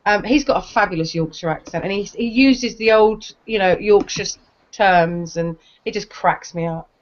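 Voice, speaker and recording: A woman's voice: mid-range voice, moderate pace. Chatty middle-aged English woman, lo-fi. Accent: English, with a slight American tinge. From England. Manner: chatty, restarts often, trails off. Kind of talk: casual chat. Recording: dull lo-fi stream audio.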